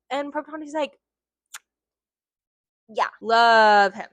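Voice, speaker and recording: Brief: woman vlogger, slightly high voice, excitable, rambly fan energy, dry close sound. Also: moderate pace, pauses often, dry recording. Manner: gushing, rambling, goes on tangents; swears casually. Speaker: book vlogger. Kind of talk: casual book review chat.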